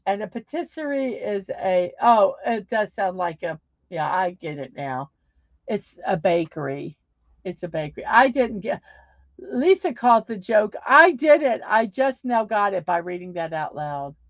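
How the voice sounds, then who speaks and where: A woman's voice: medium pitch, sing-song, unhurried, no room sound. A woman hosting a casual livestream, chatting upbeat and reading viewer comments aloud. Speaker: livestream host. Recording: dull lo-fi sound.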